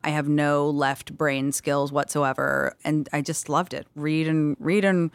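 Rambling bubbly low-voiced woman host. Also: level tone, a little slow, gravelly, clean tone, dry recording. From grew up in London. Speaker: podcast host. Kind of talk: casual chat.

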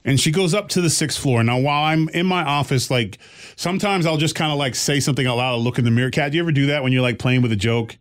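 A middle-aged man telling a comic story on a chat show, with a voice at an ordinary middle pitch. He talks loosely and gets animated, often laughing as he goes. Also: fast. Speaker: co-host. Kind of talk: casual comedic storytelling.

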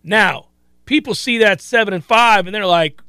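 A man hosting a sports betting radio talk show, emphatic and quick with asides. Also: high voice, animated, pushed and bright, clear, resonant tone, no room sound, studio quality.

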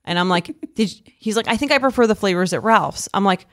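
Brief: woman with a Long Island accent, relaxed storyteller, medium voice. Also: medium pitch, quick pace. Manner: chatty storyteller, many fillers. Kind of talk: casual chat.

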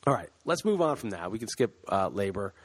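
This podcast co-host speaks fairly quickly in a fairly low voice with big pitch swings and a breathy edge. Recorded on a computer mic over a remote call, he keeps the chat casual and rambling, laughing as he goes.

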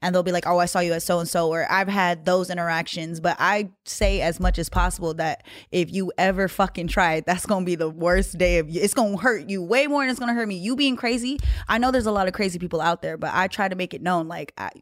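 A woman in her thirties, a podcast co-host, telling a story in casual chat, brash and animated, swearing freely. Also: on the low side, fast, few pauses, no room sound, studio quality.

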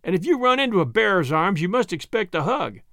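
A man voicing a hearty young country giant who teases in folksy rural dialect, speaking loudly. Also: sits high, big pitch swings, brisk, dry recording, studio quality, exaggerated voice. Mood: teasing.

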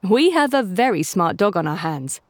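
A woman voicing a kindly father in a kids' storybook podcast, speaking in a measured, slightly proud way. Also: medium pitch, big pitch swings, dry recording, lightly acted. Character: kindly dad, pleased with himself.

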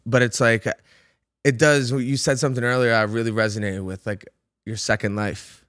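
Man, podcast guest, halting and reflective, dry close sound. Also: medium pitch, fairly bright tone, dry recording. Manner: halting, searching for words, swears casually. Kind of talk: casual reflective conversation.

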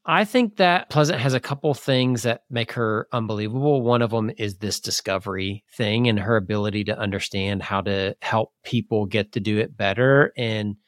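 A man's voice: on the low side, moderate pace, few pauses, no room sound, clean studio sound. A man co-hosting a podcast, chatty and telling stories casually. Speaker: podcast co-host.

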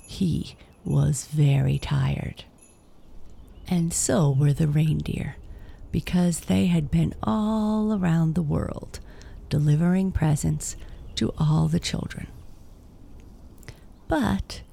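A woman narrating a children's storybook in a slow, soft-spoken manner that sinks to whispers. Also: sits low, creaky, husky.

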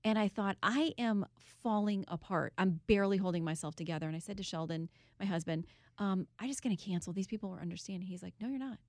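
A woman's voice: medium pitch, quick pace, darkish tone, no room sound, clean studio sound. A middle-aged woman host, now the guest, candidly recounting a hard personal time with emotion. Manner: earnest, emotional, laughs easily. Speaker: TV news host, interviewed author.

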